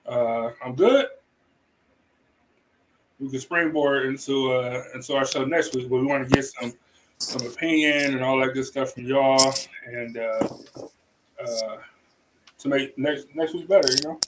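A laid-back man from Cleveland hosts a casual podcast, joking around in easy slang. He talks at an unhurried, slow pace, with faint noise under his voice. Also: mid-range voice. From Cleveland, Ohio, USA. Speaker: podcast host. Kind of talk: casual chat.

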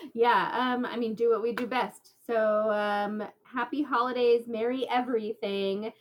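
Chatty, higher-voiced woman co-host. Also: steady tone, a little slow. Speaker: podcast co-host. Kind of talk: casual chat.

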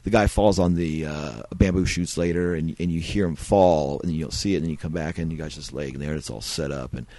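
A man's voice: a bass voice, a little fast, hardly any pauses, mellow, no echo. A man hosting a casual film-review podcast, talking in a laid-back, rambling way with lots of fillers. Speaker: podcast host.

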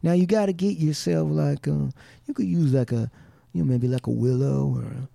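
A man's voice: on the high side, steady tone, moderate pace, creaky, warm tone, no echo, clean studio sound. A man quoting a laid-back American Indian bow maker with a Southern US accent, in a folksy, easygoing way.

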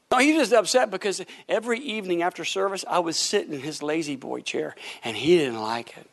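Middle-aged man, pastor preaching a lively storytelling sermon, higher-pitched voice, plays the other voices himself. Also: quick pace, few pauses. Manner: animated storytelling, acts out voices, laughs often.

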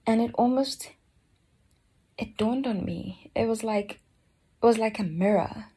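A woman giving a slow, earnest personal reflection on a Bible book, often dropping to a soft near-whisper. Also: fairly high pitch, husky. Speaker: Bible study speaker.

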